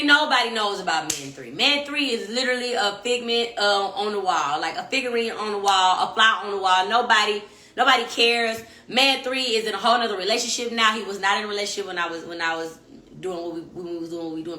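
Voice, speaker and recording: A young adult woman, hosting a podcast and telling a story in blunt, profane, animated casual talk. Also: mid-range voice, quick pace. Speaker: podcast host. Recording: echoey room.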